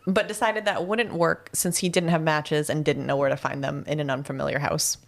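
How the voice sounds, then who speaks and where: A woman's voice: low-pitched, fairly even intonation, vocal fry. A woman co-hosting a podcast, chatting casually and laughing often as she walks through a true crime case. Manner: chatty, laughs often, reads quotes slowly. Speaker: podcast co-host presenting the case.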